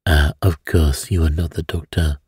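Man doing Poirot, hushed fussy detective. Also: flat delivery, normal speed, husky, no echo, studio quality, full character voice. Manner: hushed, low and troubled. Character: fussy middle-aged male Belgian detective. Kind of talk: bedtime story reading.

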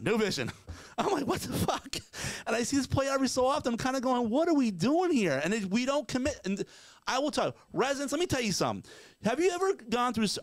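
A man co-hosts a podcast, his voice sitting high with no echo. His casual commentary is an emphatic, profane rant, peppered with acted-out mock quotes.

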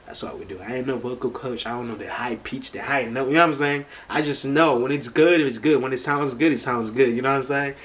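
A man's voice: mid-range voice, a little fast, few pauses, a bit bright, low-quality recording. A man hosting a casual reaction video, talking in an emphatic, slangy way and repeating phrases.

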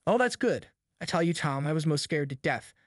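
Two scared backwoods boys trade hushed lines in a thick rural drawl, voiced by a man. The voices sit fairly high, and the recording is dry and close. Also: animated, fairly quick, dry recording. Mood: scared whisper. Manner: rustic dialect drawl, hushed and fearful. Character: two frightened backwoods boys whispering at night.

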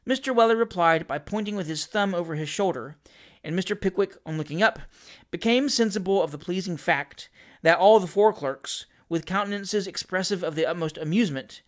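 A man reading a classic novel aloud in an expressive, theatrical way. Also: high-pitched, fairly quick. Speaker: reader.

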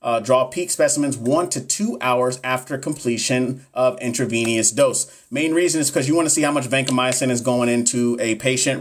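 A man tutoring nurses on a live stream, going through exam questions in a casual, hyped-up way and swearing freely. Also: mid-range voice. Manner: casual, profane, hyped-up talk to viewers.

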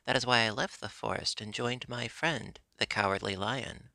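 A man voicing a hungry but gentle male tiger in a storybook reading, speaking in measured, formal phrases. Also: medium pitch, creaky, no room sound. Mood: rueful.

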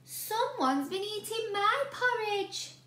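A woman voicing a motherly grown-up she-bear in a storybook reading, in a calm, motherly way. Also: very high voice, slow, reverberant, voice pushed up, exaggerated voice.

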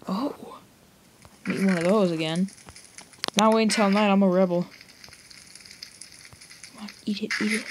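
This young woman casually narrates her own gameplay for viewers as a let's play gamer, rambling and joking as she speaks to them directly. Her voice is mid-range, with a slight hiss or hum in the recording.

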